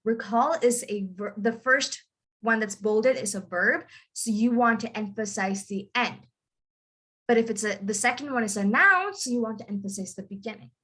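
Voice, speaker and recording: A woman's voice: a little high, moderate pace, fairly bright tone, slightly rough. A young woman teaching English pronunciation in an online class. She is patient and repeats example words over and over to model the stress. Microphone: video call.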